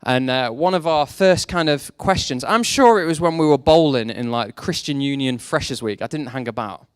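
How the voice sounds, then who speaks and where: A man's voice: mid-range voice, animated, normal speed, smooth, no room sound, clean studio sound. A young man preaching a sermon, mixing faith talk with self-deprecating jokes about his past. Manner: jokey, self-deprecating storytelling. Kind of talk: sermon with personal stories.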